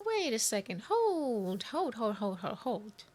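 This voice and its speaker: A woman's voice: fairly high pitch, very animated, slow, a little mellow. A woman casually commenting on a video game she is playing, thinking aloud and puzzling over the menus. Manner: chatty, thinking aloud, confused asides. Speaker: let's play gamer. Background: faint game music.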